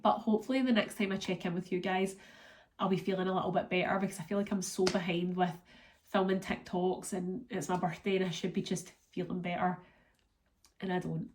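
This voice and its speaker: A woman's voice: lowish voice, flat delivery, fairly quick. A Scottish woman vlogging in a casual, rambling chat, sounding congested and run down from being ill. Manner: chatty, rambling, lots of fillers.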